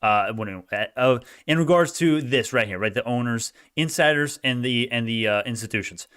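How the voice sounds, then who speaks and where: In a smooth, medium-pitched voice at normal speed, a man streams live stock commentary and talks with viewers. His mood swings from mumbled asides to loud cheering, and he frequently laughs and argues with comments.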